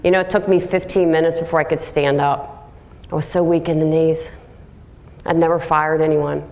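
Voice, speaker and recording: Woman giving a lively live talk. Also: low-pitched, moderate pace. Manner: lively storytelling, acts out quotes; direct, plain-spoken. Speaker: workplace speaker.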